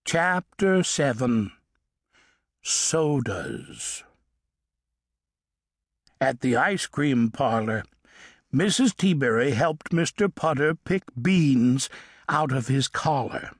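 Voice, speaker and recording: Male children's audiobook narrator with a lively, singsong delivery and a fairly high voice. Dry, close studio sound. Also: husky, dry recording. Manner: slow, expressive storytelling with playful emphasis. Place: recording studio. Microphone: studio microphone.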